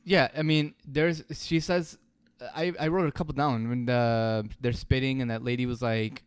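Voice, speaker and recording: A man at mid pitch with a smooth, resonant voice, talking over a film in a casual podcast chat. He is opinionated and emphatic, and he stays close to a dry, dead microphone. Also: moderate pace, no room sound. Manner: opinionated, emphatic, animated when mimicking. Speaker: podcast co-host.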